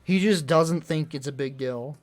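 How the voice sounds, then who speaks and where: A man's voice: on the high side, moderate pace, faint music behind. A young man venting in casual livestream chat, rambling and exasperated, full of fillers.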